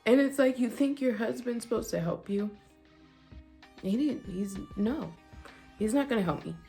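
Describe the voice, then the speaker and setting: A woman vlogger telling a candid personal story in a chatty, animated way. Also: on the high side, normal speed, faint music behind. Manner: chatty, animated, with frequent fillers and quoted dialogue.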